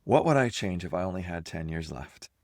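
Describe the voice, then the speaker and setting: A man's voice: low-pitched, very animated, brisk, no room sound, studio quality. A man in his fifties from Canada, a life coach and podcast host, talking at home in a candid, self-reflective solo monologue.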